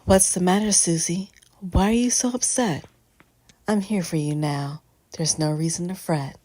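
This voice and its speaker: A gentle, reassuring grown man in a storybook, the one who finally comforts the crying heroine, as a woman reads his lines. The voice is low-set and dry, spoken close. His lines are soft and steady. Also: unhurried, no echo. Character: kind comforting man, the city engineer. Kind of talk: storybook reading.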